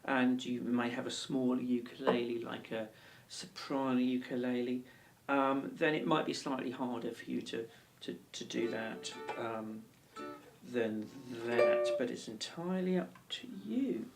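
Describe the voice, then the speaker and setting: Brief: male ukulele teacher, gravelly voice, rambling and encouraging, recorded a little off-mic. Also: mid-range voice, unhurried, recorded from a distance, over music. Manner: chatty, encouraging, with many ums and restarts. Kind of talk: casual video lesson and anecdote.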